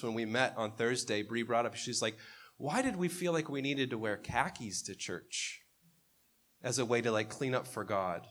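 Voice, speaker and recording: A man preaching a sermon in a conversational, animated way, often asking the congregation questions. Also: mid-range voice. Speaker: pastor.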